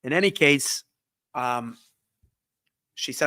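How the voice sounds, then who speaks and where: A rabbi tells a story in a somewhat high, bright, forceful voice, starting over and repeating words as he goes. His voice is dry and close, and he drops Yiddish words into the telling. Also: dry recording. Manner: halting, repeats words and restarts often. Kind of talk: storytelling talk.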